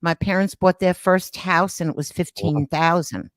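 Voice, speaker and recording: A woman in her seventies from New York State, co-hosting a talk show and chatting in an animated way that takes the floor. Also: lowish voice, normal speed, dry recording, studio quality. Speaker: co-host. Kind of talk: casual chat.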